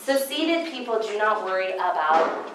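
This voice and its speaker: A woman giving a Christian seminar talk at a conference. She tells stories in an animated way and acts out her own past thoughts. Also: medium pitch, a little slow, reverberant, a little hiss or hum, rough recording. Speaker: conference speaker.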